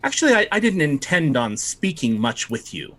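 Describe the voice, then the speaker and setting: A man's voice: on the high side, big pitch swings, normal speed, fairly bright tone. A man voicing a stern, imperious male elven lord who barks orders with contempt. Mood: contemptuous.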